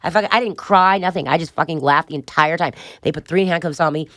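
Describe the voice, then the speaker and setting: A woman's voice: sits low, fast, fairly bright tone, no room sound, clean studio sound. A middle-aged woman as a podcast guest, telling a wild story bluntly and profanely, laughing along as she goes. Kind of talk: candid storytelling interview.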